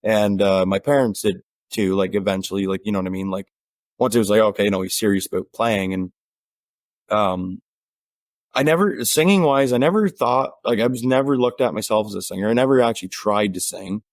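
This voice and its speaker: A man's voice: fairly low pitch, a little fast, no echo, studio quality. Man with an Ottawa Valley twang. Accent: Ottawa Valley country twang. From Ontario, Canada. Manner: relaxed, rambling with fillers and restarts. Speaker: guest musician. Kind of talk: casual interview chat.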